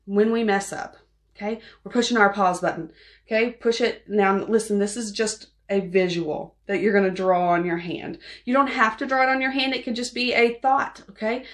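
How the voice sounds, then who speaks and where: A middle-aged woman speaks as a parenting coach, talking straight to parents in an encouraging tone. She is lively and animated, and she acts out small outbursts with a voice of medium pitch.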